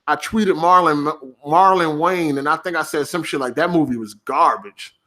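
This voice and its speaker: A man's voice: fairly high pitch, normal speed. A podcast host, swearing heavily as he talks casually and snaps back at his livestream chat. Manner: profane, animated, reacting to chat.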